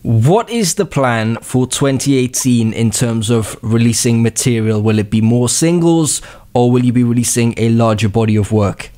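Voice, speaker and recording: A man's voice: medium pitch, normal speed, dark tone. A man interviewing an artist, asking brief, plain questions.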